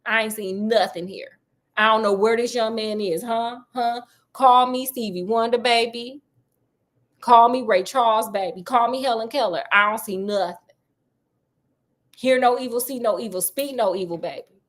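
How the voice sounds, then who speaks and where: A woman's voice: fairly high pitch, moderate pace, natural voice. Woman voicing a brash streetwise male detective, slangy, emphatic, nosy. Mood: swearing secrecy.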